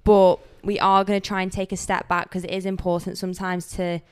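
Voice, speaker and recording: A woman's voice: lowish voice, little pitch movement, a little fast, a little mellow, smooth. A woman co-hosting a podcast, chatting in a bubbly, playful way. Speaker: podcast co-host. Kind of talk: casual chat.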